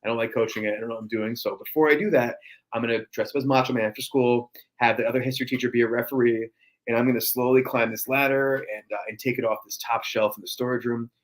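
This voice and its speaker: A man's voice: mid-range voice, steady tone, fast talker, low-quality recording. A man, a guest on a podcast, telling stories in a loose, chatty way with lots of filler words. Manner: chatty storyteller, many fillers. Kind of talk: casual podcast conversation.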